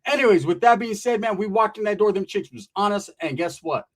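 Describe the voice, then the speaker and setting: A man's voice: sits high, fairly quick. A man telling a comedic storytime monologue, profane and slangy, acting out the people in it. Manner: profane, slangy and animated, acting out quoted voices.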